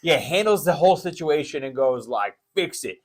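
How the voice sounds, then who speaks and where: A young man co-hosting a podcast, chatting casually and excitedly about a film, rambling with many restarts and fillers. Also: on the high side, fairly quick. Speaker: podcast co-host. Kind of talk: casual movie chat.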